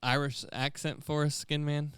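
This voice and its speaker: A man's voice: fairly high pitch, flat delivery, normal speed, a bit bright, smooth, dry recording, studio quality. A man co-hosting a podcast in casual chat, loose and joking, swearing freely. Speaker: podcast co-host.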